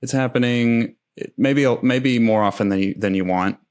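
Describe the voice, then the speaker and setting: A man's voice: mid-range voice, normal speed, a little mellow, clean tone. A man hosting a podcast, thinking aloud in a hesitant way with many fillers. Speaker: podcast host. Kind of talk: conversational podcast interview.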